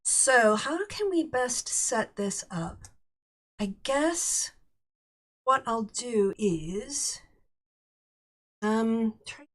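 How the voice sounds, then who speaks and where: A woman hosting a casual political livestream, chatty and halting. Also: a little high. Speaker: political commentary host.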